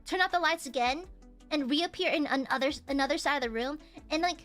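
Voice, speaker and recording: A woman streamer telling a story in casual chat, animated, laughing often and swearing casually. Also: high voice, a little fast, faint music behind.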